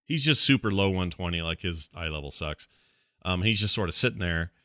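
A man's voice: sits low, expressive, fairly quick, sharp tone, no echo, studio quality. A middle-aged man hosting a podcast, chatting casually and ranting with playful exasperation. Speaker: podcast host. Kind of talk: casual chat.

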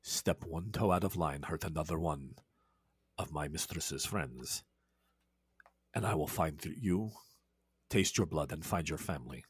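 A man voicing a menacing male vampire bodyguard who speaks in a deep, cold growl. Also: unhurried, pauses often, breathy edge, no echo, studio quality, exaggerated voice. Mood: threatening.

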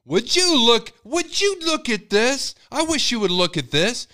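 A man voicing a cranky old man who shouts his outrage at grocery prices. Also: extremely high pitch, very animated, measured pace, voice pushed up, heavily acted. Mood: outraged. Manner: bellowing outraged complaints.

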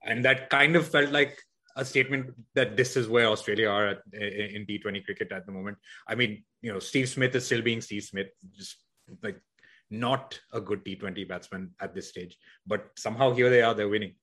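A man's voice: lowish voice, fairly quick, sharp tone. A man co-hosting a podcast in casual cricket chat, rambling with many restarts and hedges. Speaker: podcast co-host.

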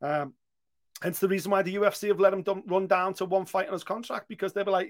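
British male podcast co-host, higher voice, lively and sweary banter. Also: fast. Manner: animated, swears freely, acts out quotes. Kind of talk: casual podcast chat.

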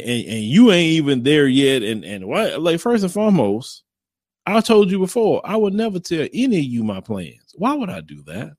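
Male host, casual commentary. Mid pitch, blunt and rambling, with repeated phrases. Dry, close sound. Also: no echo.

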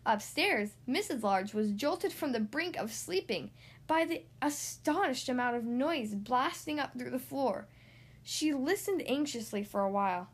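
A woman reading a children's picture book aloud, in an expressive, animated way. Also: on the high side. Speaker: reader.

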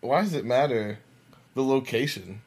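A man co-hosting a casual podcast, easygoing and quick to laugh. His voice sits at an average pitch but moves around a lot. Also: lively intonation, slightly rough. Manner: laid-back, chatty, laughs easily. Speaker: podcast co-host. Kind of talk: casual chat.

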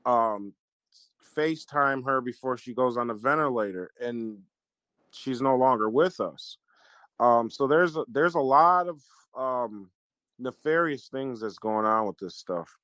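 A man's voice: medium pitch, animated, a bit bright, no room sound. Earnest storytelling man, dry sound. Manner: earnest storytelling with halting restarts. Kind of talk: casual conversation, personal story.

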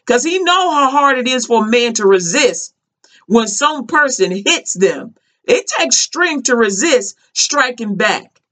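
A woman's voice: a little high, a bit bright. A woman commenting casually on a video, talking in an emphatic, repetitive, conversational way.

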